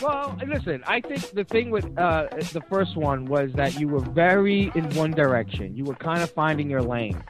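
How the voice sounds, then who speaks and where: Give me a chatty, friendly male radio host with a slightly raised voice, interviewing a rapper and praising his songs. Music plays clearly behind him in the studio. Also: on the high side, very animated, normal speed, hardly any pauses. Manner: friendly, chatty, complimentary questioner.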